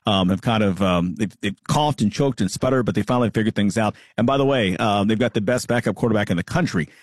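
A man's voice: fairly low pitch, fast, no room sound, clean studio sound. A man hosting a sports radio show, leading the weekly picks in a casual, upbeat way with frequent fillers. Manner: hesitant, many fillers, upbeat. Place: radio studio.

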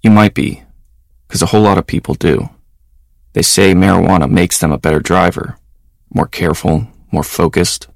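A man with a very low, gravelly voice delivers a public service announcement. His reading is measured and serious. The recording is dry and close. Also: no echo. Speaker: ad voice-over.

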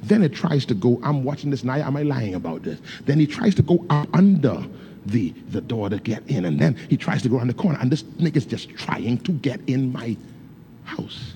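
With a dark-toned, mid-range voice, a very animated pastor preaches at moderate pace over faint hiss or hum. His fervent, casually worded sermon weaves stories, congregation call-outs and moments of speaking in tongues.

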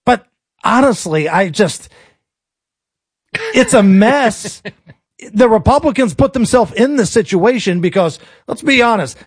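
Male talk host with a high voice, dry close mic, sarcastic folksy rants. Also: breathy edge, no echo. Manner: sarcastic, colloquial, jokey rants. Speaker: radio talk show host. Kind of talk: opinionated political talk radio.

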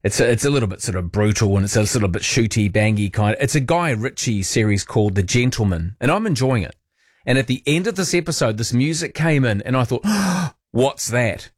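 Male NZ talkback host, chatty, self-mocking, mid pitch, close dry mic. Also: expressive, fast talker, dry recording. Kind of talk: casual talkback chat.

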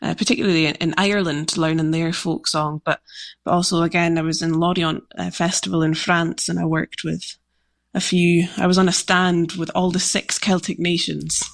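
Female folk singer guest, lowish, relaxed and explanatory. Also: moderate pace. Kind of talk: radio interview.

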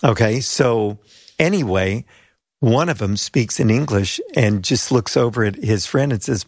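An older American man, a pastor and mission leader, tells stories as an interview guest and acts out the voices of the people he quotes. His voice is medium-pitched, expressive, a little slow and a little mellow. The recording is dry and studio quality.

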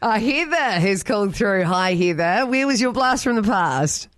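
A woman with a New Zealand accent co-hosting breakfast radio, bubbly and quick to laugh. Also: mid-range voice, animated. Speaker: radio co-host.

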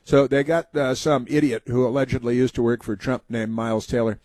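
A man hosting a talk radio show at a medium pitch, his delivery sarcastic and scornful. He trips over filler sounds as he rants. The studio sound is completely dry. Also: flat delivery, fairly quick, a little mellow, no echo.

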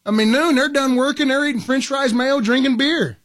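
A man's voice: very high voice, fairly quick, fairly bright tone. A man co-hosting a show in casual banter, folksy and joking. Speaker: co-host.

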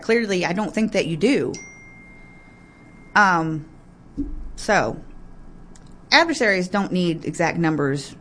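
A woman's voice: lowish voice, a bit bright. A woman giving heated political commentary, ranting, apologizing in asides, and describing herself as getting worked up. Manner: fired-up, ranting, quick to get aggravated.

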